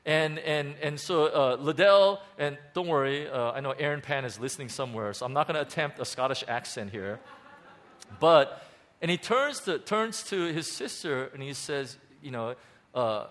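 A pastor delivers a sermon to his congregation in a voice a little high for a man. He speaks animatedly but haltingly, stumbling through restarts and fillers as he builds his points.

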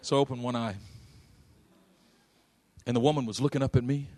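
A man preaching a sermon, telling a personal story and acting out its voices, dropping soft and low in quiet moments and shouting at the peaks. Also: steady tone, brisk.

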